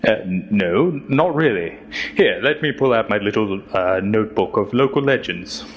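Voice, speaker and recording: A man's voice: lowish voice, expressive, moderate pace, husky, no echo, poor audio. A man telling a comic adventure story as a pompous, stammering explorer. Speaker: comedy podcast host. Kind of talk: comic first-person narration.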